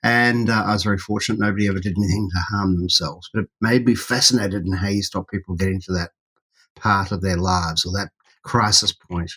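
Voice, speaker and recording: An Australian man speaks as a podcast guest, jovial and full of stories. His voice is somewhat low and husky. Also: steady tone, fairly quick, sharp tone. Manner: jovial, storytelling. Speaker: guest psychologist. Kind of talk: podcast interview.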